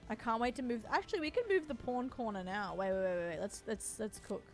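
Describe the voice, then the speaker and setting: A young woman with an Australian accent chats through a live game stream, playful and familiar with her viewers. Her voice sits a touch high. Faint game music plays under her talk. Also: a little fast. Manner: chatty and playful, calls viewers doll and babe. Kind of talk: casual live-stream chat while playing.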